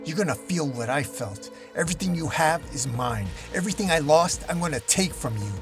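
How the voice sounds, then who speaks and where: A man's voice: a little high, lively intonation, fairly quick, music in the background. Man reading a cold, taunting comic-book villainess. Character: vengeful woman assassin, cold and cruel.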